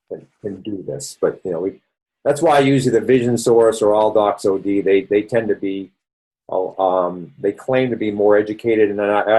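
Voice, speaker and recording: A man's voice: deep voice, a little mellow, rough recording. Rambling man lecturing on health. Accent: Boston. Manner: conversational, rambling explainer with restarts. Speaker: doctor presenting a health session. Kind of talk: online presentation lecture.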